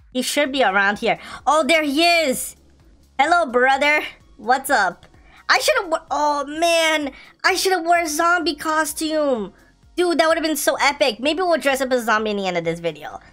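A gaming YouTuber, a young woman, provides playful, giggly let's-play commentary on a zombie video game, frequently reading the game's lines out loud. Her voice is high-pitched with a sharp tone.

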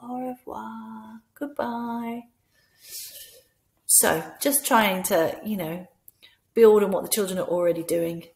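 A woman with a Scottish accent giving instructional advice to teachers, now and then slipping into a bright voice as she acts out talking to children. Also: fairly low pitch, normal speed. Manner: demonstrates by speaking to imagined children in a bright teacher voice. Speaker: teacher trainer. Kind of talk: instructional talk with classroom role-play.

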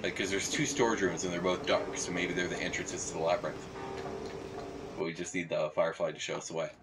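A man hosting a let's play, thinking aloud in relaxed, casual chat while playing. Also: sits low, fast. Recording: distant mic with background noise.

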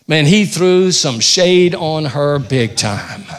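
Male pastor, sermon delivery, slightly high voice, swings between loud emphasis and hushed lows. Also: takes it slowly, few pauses. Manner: animated preaching, rising loud on key points, dropping low and quiet. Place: church.

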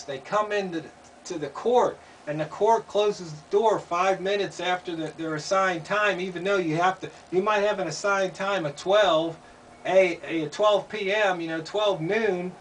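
A man's voice: high voice, a bit bright. A man giving an opinion monologue, asking pointed rhetorical questions and repeating himself. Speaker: commentator. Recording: distant mic, faint background noise.

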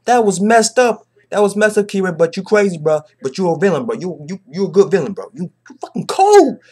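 A young man giving an excited, slangy, profanity-laced casual recap of an anime episode, often repeating himself. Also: high-pitched, fairly quick, breathy edge. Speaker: anime reaction vlogger.

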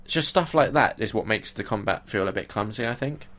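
A man's voice: lowish voice, expressive, brisk, fairly bright tone. A young man co-hosting a podcast, chatting casually and complaining animatedly, swearing freely. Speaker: podcast co-host. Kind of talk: casual chat.

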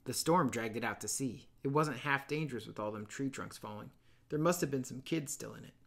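A man's voice: mid-range voice, a little fast, vocal fry, a bit bright. A man voicing a fat, asthmatic schoolboy with glasses, earnest and chatty, using plain working-class grammar, in a classroom read-aloud.

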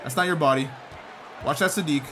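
A man giving excited gameplay commentary as a gaming YouTuber, shouting and groaning at the game as it goes. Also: on the high side, brisk, a crowd in the background, background noise. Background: game music and sounds.

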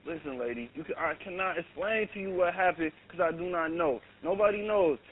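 Young man caller, high-pitched, urgent and exasperated, thin phone line. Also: big pitch swings, a little fast, gravelly, a crowd in the background. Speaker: 911 caller. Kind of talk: emergency phone call. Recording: tinny phone line with faint noise.

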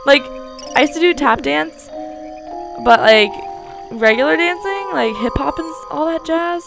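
A woman's voice: high voice, animated, unhurried, vocal fry, long pauses, music in the background. Chatty woman gaming let's play. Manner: chatty and rambling, giggles often. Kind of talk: video game commentary.

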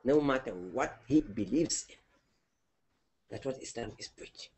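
A man giving a sermon, telling a religious story in an animated, heartfelt way. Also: mid-range voice, measured pace, breathy edge. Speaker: preacher.

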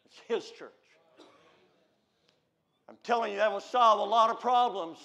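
An American man preaching a sermon, swinging between loud shouted declarations and low, quiet asides. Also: unhurried, vocal fry, muffled recording.

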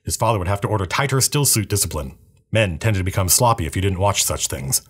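A man reading a novel aloud with a steady, even storytelling manner. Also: sits low, quick pace, slightly rough.

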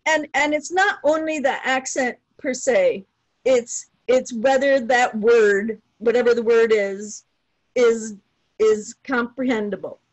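A woman taking part in an online webinar, putting a question in a thoughtful, halting way. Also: on the high side, no echo, rough recording. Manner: thoughtful, halting, repeats words as she thinks. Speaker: webinar participant asking a question.

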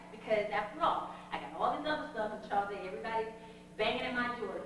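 A woman telling a story to a group in an animated, emphatic way, often laughing. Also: sits high, fast talker, slight background noise. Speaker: speaker addressing a group. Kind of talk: storytelling talk. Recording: echoey hall from a distant mic.

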